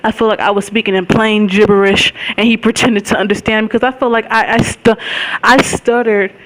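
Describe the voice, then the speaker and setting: A woman's voice: mid-range voice, steady tone, fairly quick, a bit bright, poor audio. A young woman vlogger telling a story in a chatty, rambling way, with lots of fillers and frequent laughs. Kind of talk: casual storytelling vlog.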